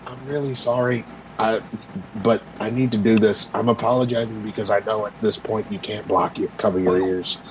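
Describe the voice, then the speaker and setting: A man voicing a young male hero who apologizes haltingly before acting. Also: lowish voice, fairly even intonation, slight background noise, pitched below the performer's own voice, lightly acted, rough recording. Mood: apologetic.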